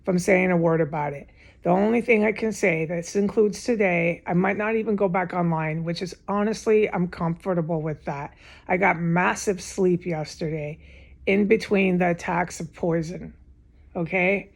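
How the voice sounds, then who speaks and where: A woman's voice: lowish voice, vocal fry. A woman vlogging from home in a rambling, agitated monologue to camera, repeating herself and swearing often. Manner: agitated, repetitive, with frequent swearing. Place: home, indoors.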